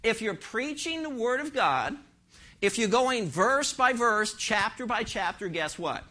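A male pastor delivers an emphatic sermon in church, pressing his congregation with one rhetorical question after another. His voice sits high for a man and rings bright and forceful. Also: sing-song, measured pace. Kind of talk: expository sermon.

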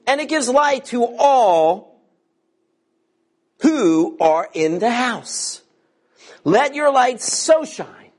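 A man in his fifties from the United States preaching a sermon, swelling to emphatic shouts and slowing down to read scripture. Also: sits high. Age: 50s.

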